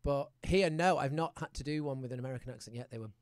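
A young British man chatting casually as a guest, self-mocking and a little crude, tripping over his own restarts. His voice sits at a middling pitch. The sound is dry and close, with no room around it. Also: fast, clear, resonant tone, no echo. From United Kingdom. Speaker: guest actor. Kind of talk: casual chat.

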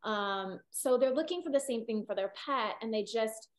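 A middle-aged woman with a somewhat high voice, a veterinarian talking loosely in an interview. She rambles, piles on fillers and restarts her sentences as she explains. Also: expressive, moderate pace. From California. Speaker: holistic veterinarian guest. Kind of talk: casual interview conversation.

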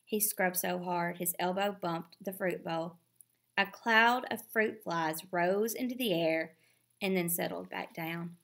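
A woman reading a children's novel aloud with expressive storytelling. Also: fairly low pitch, measured pace. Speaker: reader.

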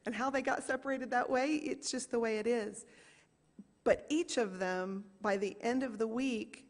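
A woman in her forties, a small group leader, telling an earnest personal story to a church congregation and slowing down to stress key moments. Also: fairly high pitch. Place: church sanctuary. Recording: reverberant church hall.

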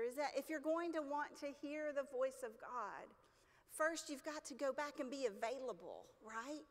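A woman pastor preaching a sermon in a church, talking conversationally with the congregation, asking them questions and acting out the people in her stories. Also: sits high. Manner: acts out characters in stories with lively voices. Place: church sanctuary. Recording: long reverb of a church hall.

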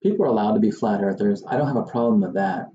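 A man's voice: fairly low pitch, fast, warm tone, echoey room, lo-fi sound, a little hiss or hum. A man who hosts his own channel as a surveyor, talking casually to the camera in a wry, exasperated way. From Southern Maine. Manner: wry, exasperated, mocking impressions of others.

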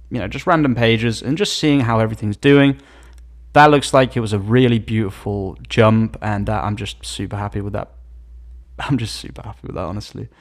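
A man hosting a screen-share tutorial on search results, talking with open excitement and trailing into quiet asides. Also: fairly low pitch, creaky. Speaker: SEO channel host.

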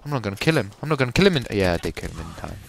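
A man's voice: lowish voice, very animated, racing, creaky, music in the background. A young man giving sarcastic, profane commentary while playing a shooter game. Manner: sarcastic, swearing, frustrated. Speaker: gameplay commentator. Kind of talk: casual profane gameplay commentary.

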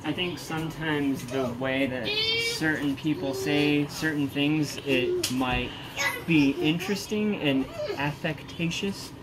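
A man's voice: a little high, slow, very noisy. A man chatting casually as co-host of a video, rambling and playful, slipping into silly voices. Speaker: co-host, vlogger's husband. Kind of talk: casual chat.

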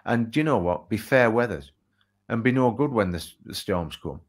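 A man's voice: on the low side, moderate pace. A man telling an anecdote in an interview, bringing it to life and acting out the dialogue. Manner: lively anecdotal, acts out dialogue. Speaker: author and speaker. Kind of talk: storytelling in an interview.

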